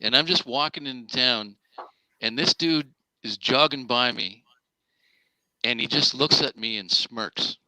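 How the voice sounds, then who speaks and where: A Canadian man, an actor guest, telling an animated story on a video call and swearing freely. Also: mid-range voice, measured pace, no room sound, rough recording.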